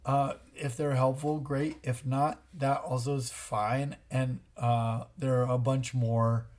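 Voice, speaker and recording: A man's voice: mid-range voice, flat delivery, slow pace, a little mellow. A man co-hosting a casual parenting chat, explaining tips earnestly and acting out what he says to his child. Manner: earnest, explanatory, acts out short quotes. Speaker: podcast co-host, father.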